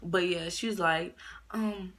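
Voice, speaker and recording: A woman's voice: fairly low pitch, slow. A young woman vlogger telling a story in a casual, slangy way, acting out other people's lines. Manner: animated, slangy, acts out quotes in raised voices.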